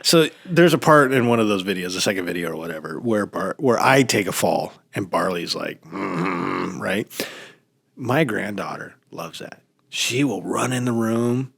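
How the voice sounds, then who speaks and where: Middle-aged guy from the us, low voice, swings all over telling a story, does voices. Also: normal speed, gravelly, husky, no room sound, studio quality. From United States. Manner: animated, mimics other people's voices in his stories. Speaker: podcast guest. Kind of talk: casual storytelling chat.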